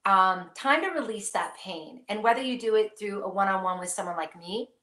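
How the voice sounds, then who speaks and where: A woman's voice: mid-range voice, animated, normal speed, bright, forceful tone, reverberant. A woman hosting a live psychic question-and-answer stream, speaking earnestly and reassuringly straight to her viewers.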